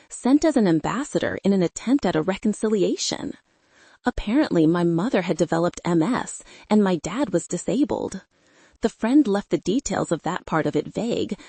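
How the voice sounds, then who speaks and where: A woman narrating an audiobook in a measured, restrained first-person voice. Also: fairly low pitch, gravelly, dark tone, slightly rough, no room sound.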